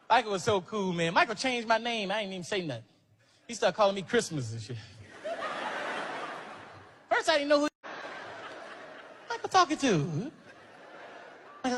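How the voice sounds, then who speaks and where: A man telling a stand-up story in loud, animated bursts with profanity. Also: sits high, normal speed, long pauses. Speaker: stand-up comedian. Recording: noisy live recording.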